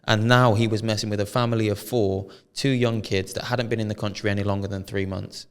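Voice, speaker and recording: Gravelly British man telling a story. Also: lowish voice, brisk, big-room sound. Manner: animated storytelling with slang and swearing. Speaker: podcast co-host. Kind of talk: casual chat.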